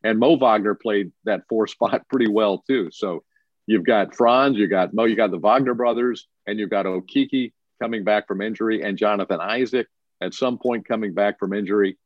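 Low-voiced man on a dull remote line. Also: moderate pace, dry recording. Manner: relaxed, repeats words when starting a thought. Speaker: basketball broadcaster. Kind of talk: casual sports radio chat.

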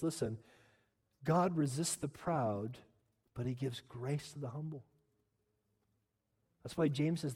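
A man's voice: fairly high pitch, slightly rough. Preaching man in a reverberant hall. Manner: emphatic preaching, repeats "listen", rises to loud peaks. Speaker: pastor. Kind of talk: sermon.

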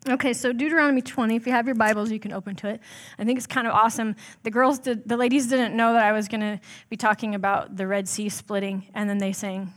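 A woman's voice: on the high side, fairly even intonation, quick pace, hardly any pauses. A woman preaching at a church, with a talk that sounds more like an easy chat than a formal sermon. She sounds down-to-earth and a little self-deprecating, and her speech is full of casual "um"s and "like"s. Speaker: church staff member preaching. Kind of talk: conversational sermon.

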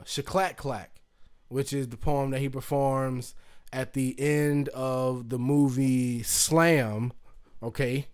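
A man hosting a podcast, telling a casual story loosely with lots of fillers and swearing, acting out other people's voices. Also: medium pitch. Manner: loose, profane, full of fillers, acts out voices. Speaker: podcast host.

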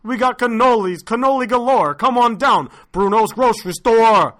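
A man playing Bruno, a loud pushy grocer. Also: animated, moderate pace. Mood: hyped pitch. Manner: booming salesman pitch, shaky accent.

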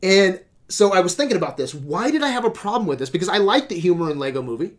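A man's voice: high voice, sing-song, quick pace. A man ranting about movies on a casual podcast, swearing a lot and sounding exasperated. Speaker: podcast host reviewing movies. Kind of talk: casual profane movie rant.

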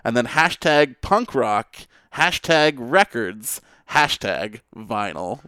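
A young man co-hosting a wrestling podcast, reading tweets out as a guessing game in a deadpan, teasing way. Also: mid-range voice, takes it slowly, smooth, dry recording, clean studio sound. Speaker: podcast co-host. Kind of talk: casual chat, quiz-style tweet reading.

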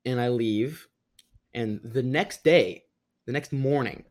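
A man's voice: medium pitch, slow. Man telling a school story. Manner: animated, mimics people with raised voice, laughs often. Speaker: podcast guest. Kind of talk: casual storytelling. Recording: rough audio.

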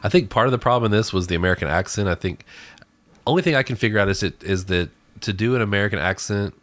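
A man's voice: on the low side, lively intonation, fast talker, fairly bright tone, dry recording. A man co-hosting a casual movie review chat, rambling with many restarts and fillers. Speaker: podcast co-host reviewing a movie.

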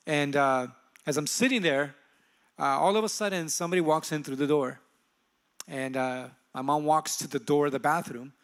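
A man in his thirties with a slightly high voice tells his story from a church stage. He speaks earnestly and softly, pausing on fillers as he goes. It sounds like a pastor giving a heartfelt testimony. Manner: earnest, soft-spoken, halting with fillers.

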